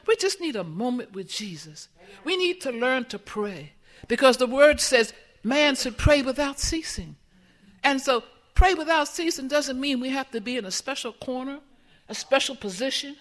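Woman, sermon, conversational, questions to congregation, bright voice. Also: high voice, normal speed. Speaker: church speaker.

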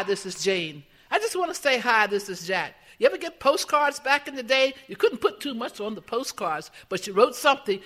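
A woman's voice: medium pitch, a bit bright. A woman giving a conversational sermon in a church, putting questions to the congregation. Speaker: church speaker.

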